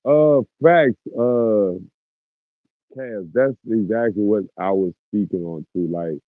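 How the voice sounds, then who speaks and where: A man's voice: on the low side, slow, no room sound, phone-quality sound. A man hosting a podcast in casual, profane talk, looping back over his words and restarting phrases as he goes. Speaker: podcast host.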